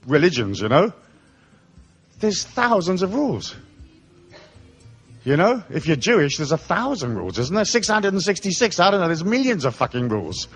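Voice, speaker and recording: A middle-aged man from Africa addresses a live seminar audience with profane, sardonic humour. His voice sits a touch high and swings widely in pitch as he tells comic stories. He sounds irreverent and mocking throughout. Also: a bit bright. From raised in Africa, born in England. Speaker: seminar speaker.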